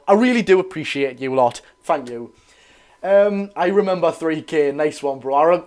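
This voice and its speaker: A young man with a Geordie accent hosting a live football watch-along, chatting excitably with viewers while chesty and coughing. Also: on the high side. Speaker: football fan channel host.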